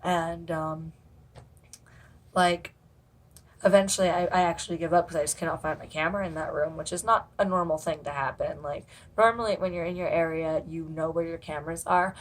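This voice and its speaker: A woman's voice: low voice, fairly even intonation, fairly quick. A woman telling stories from her haunted house job as a casual vlog. She rambles with plenty of fillers and swears freely.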